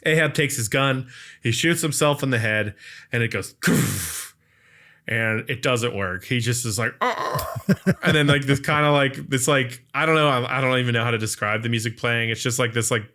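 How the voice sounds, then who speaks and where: A man co-hosting a podcast, recapping a film in a rambling casual way, full of "like" and quick acted-out lines. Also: mid-range voice, sharp tone. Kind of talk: casual chat.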